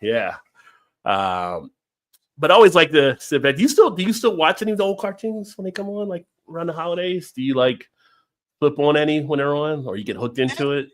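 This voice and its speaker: A man's voice, a little high and fairly quick, carries his live stream as he drinks and chats casually. He laughs frequently and rambles through animated stories.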